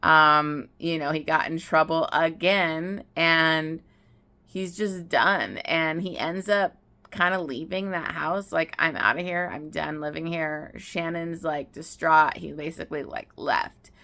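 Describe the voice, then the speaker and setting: A woman's voice: deep voice, slow pace, pushed and bright. A young woman vlogging casually outdoors about books, rambling and emotional, often restarting her sentences. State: tearful. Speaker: book vlogger. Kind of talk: casual chat.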